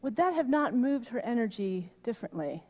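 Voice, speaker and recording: Middle-aged woman pastor telling a story in her sermon, kinda high voice, gets loud and animated, big hall echo. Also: brisk, highs cut off. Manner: animated storytelling, rising loud when worked up. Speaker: minister. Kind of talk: conversational sermon. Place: church sanctuary. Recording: long reverb of a hall.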